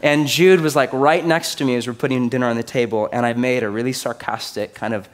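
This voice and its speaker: A man's voice: medium pitch, fairly even intonation, brisk. A man in his thirties preaching a sermon in a loose, joking style, often checking in with his listeners. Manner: conversational, joking, asks the crowd often. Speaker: pastor.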